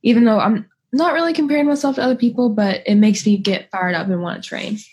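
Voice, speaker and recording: A woman's voice: on the high side, fast, darkish tone, breathy edge. A woman in her twenties from North Carolina with a Southern North Carolina accent, chatting casually as a guest and saying "like" a lot. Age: 20s. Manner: chatty, peppers speech with "like". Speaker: guest athlete. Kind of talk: casual chat.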